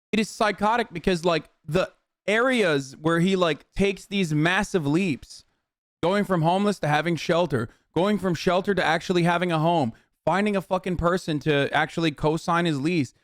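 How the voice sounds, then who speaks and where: A man's voice: high voice, normal speed, no room sound, clean studio sound. A man streaming a video reaction, ranting heatedly and swearing constantly, often calling the viewer "dude". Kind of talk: profane ranting commentary.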